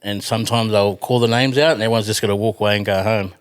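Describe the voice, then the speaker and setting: Australian man, podcast guest, rapid rambling storyteller who swears casually. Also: fairly low pitch, steady tone, clear, resonant tone. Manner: rambling, many fillers and restarts, swears freely.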